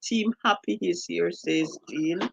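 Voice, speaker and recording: A woman's voice: fairly low pitch, takes it slowly, gravelly, husky, no room sound, rough recording. A woman with a Jamaican accent hosting a live stream, reading out viewer comments and greeting each viewer by name. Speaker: livestream host.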